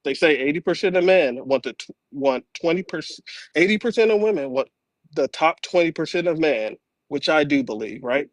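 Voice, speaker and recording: A man with a slightly high voice argues his side as a guest on a live panel. He pushes his point and keeps checking in with "right?". His sound is dry and close to the mic. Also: lively intonation, a little fast, no room sound. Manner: argumentative, keeps saying right?.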